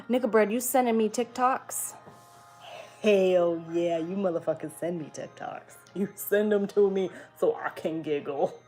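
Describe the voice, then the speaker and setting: A woman's voice: mid-range voice, measured pace, darkish tone, faint music behind. A young woman streaming from home, chatting casually with her viewers, swearing freely and answering their comments. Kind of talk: casual chat.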